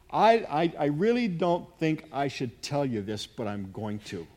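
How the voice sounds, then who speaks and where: Give me a middle-aged man preaching earnestly, shifting from hushed to emphatic. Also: a little high, expressive, unhurried. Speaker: pastor. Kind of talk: sermon.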